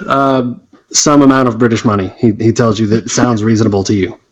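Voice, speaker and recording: An American man narrating as game master for a tabletop game, halting with many restarts. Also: medium pitch, rough recording. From United States.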